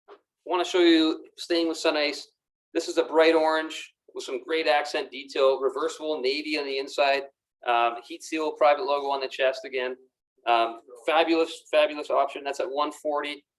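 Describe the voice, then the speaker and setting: Chatty man showing golf apparel. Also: mid-range voice. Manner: enthusiastic, repeats words often. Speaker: golf pro shop presenter. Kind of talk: casual product demonstration to camera. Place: indoor golf pro shop. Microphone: camera mic, moves around the room.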